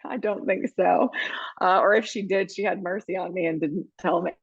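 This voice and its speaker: A woman's voice: on the low side, steady tone, normal speed, slightly rough, no echo, lo-fi sound. Emotional, rambling middle-aged woman. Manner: emotional, rambling storyteller with restarts. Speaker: podcast co-host and baseball team reporter. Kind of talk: casual chat.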